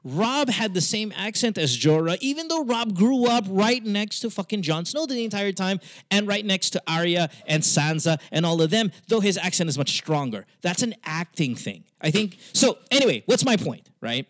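A man's voice: high voice, animated, moderate pace, hardly any pauses, a bit bright, no echo. A man with a Western, almost Americanized accent, hosting a podcast in casual, profane, argumentative chat with many stammered restarts. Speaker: podcast host.

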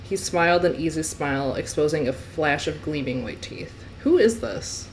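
A woman's voice: sits low, moderate pace, slight background noise, rough recording. A young woman co-hosting a podcast, reading a novel aloud and breaking off to joke and laugh. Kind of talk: casual read-aloud podcast.

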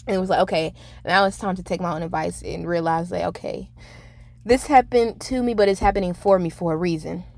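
A woman's voice: fairly low pitch, brisk, vocal fry, darkish tone. A young woman in her twenties hosting her own podcast, talking in a rambling, candid way with lots of fillers and some swearing. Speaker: podcast host. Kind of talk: casual solo podcast monologue.

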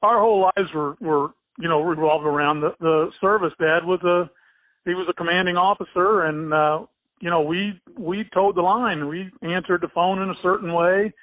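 An older man being interviewed, telling a family memory in a halting, rambling way with many restarts and small chuckles. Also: sits high, steady tone, no echo. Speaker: interviewee, former swimmer and coach. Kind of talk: casual spoken recollection. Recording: tinny phone-like dry sound.

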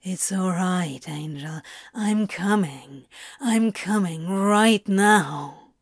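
A woman voicing a calm, teasing male demon with a rich, smooth voice and an unhurried, coaxing way of talking. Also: lowish voice, dry recording, studio quality, full character voice.

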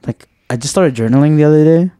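A man's voice: fairly high pitch, quick pace, dark tone, clear, resonant tone, no room sound. A young man, co-hosting a podcast in an earnest, encouraging way, full of "like". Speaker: podcast co-host. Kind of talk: casual chat.

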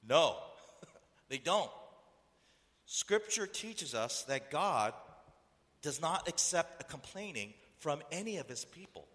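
A man's voice: on the high side, sing-song, slow pace, long pauses, fairly bright tone. A man preaching a sermon who keeps asking the listeners rhetorical questions. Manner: rhetorical questions, acts out voices. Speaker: pastor. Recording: echoey hall reverb.

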